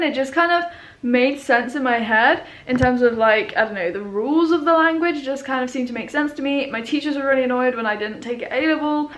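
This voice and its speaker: A young Englishwoman with an English accent, vlogging casually at home and slipping into slow, halting beginner German. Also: on the high side, fairly bright tone. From England. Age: young adult. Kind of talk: casual vlog chat. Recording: roomy, echoey room sound.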